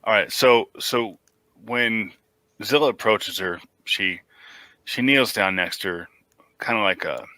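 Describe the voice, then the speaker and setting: A man playing in a tabletop game, describing his character's actions in a relaxed, rambling way. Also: fairly low pitch, measured pace, no room sound. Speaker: player. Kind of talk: casual tabletop game play.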